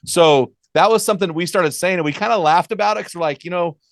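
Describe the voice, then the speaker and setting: A man's voice: high-pitched, fast, no room sound, studio quality. A man hosting a podcast interview, talking earnestly and stressing his points. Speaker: podcast host. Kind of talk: conversational interview.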